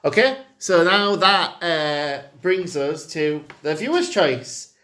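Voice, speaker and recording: A woman co-hosting a film podcast, chatty and giggly with quick asides. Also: sits low, lively intonation, fairly bright tone. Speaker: podcast co-host. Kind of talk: casual film review chat.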